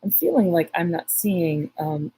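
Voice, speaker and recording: A husky, slightly low-voiced woman chats on a live stream as a psychic medium. She rambles through her story with many restarts and stops to read viewers' comments aloud. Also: big pitch swings, measured pace, warm tone, rough recording.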